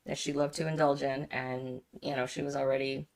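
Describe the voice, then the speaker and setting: Woman w/ a really low voice, chatty, agreeing and laughing about a movie. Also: flat delivery, a little fast. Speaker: podcast guest. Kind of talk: casual movie discussion.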